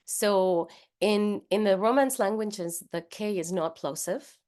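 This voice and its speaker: A woman's voice: mid-range voice, takes it slowly, darkish tone. A woman with a Spanish accent, leading an online voice workshop over a video call and patiently demonstrating speech sounds aloud as she explains them. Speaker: voice workshop leader.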